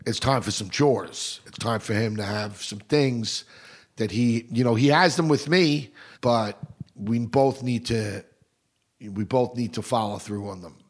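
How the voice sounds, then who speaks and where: A man co-hosting a podcast, speaking bluntly and with emphasis. A cold and a night of cheering leave his voice a bit hoarse and stuffy. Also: mid-range voice, unhurried. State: slightly hoarse, congested. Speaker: podcast co-host. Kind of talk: casual chat.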